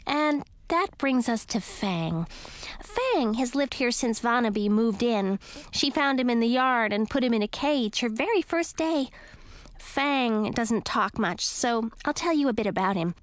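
A woman doing a chatty bossy bat lady, way up high, voice leaps all over, dry close sound. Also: expressive, unhurried, dry recording. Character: bossy talkative female bat.

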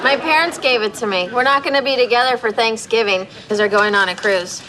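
A woman's voice: a little high, fairly quick, noisy background, close to an everyday voice. An actress playing a nosy, chatty young woman, with studio audience laughter behind her.

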